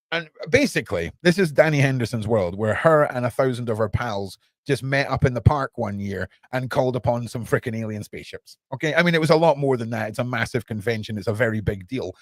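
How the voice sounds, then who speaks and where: A young man hosting a podcast, chatting excitedly and sarcastically in a casual, slangy way. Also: medium pitch, no room sound. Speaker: podcast host. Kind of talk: casual livestream chat.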